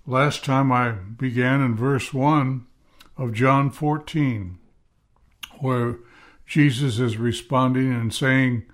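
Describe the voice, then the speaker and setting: A man hosting a podcast, giving a Bible teaching and reading scripture aloud in a measured, deliberate way, leaning on key words. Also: medium pitch, steady tone.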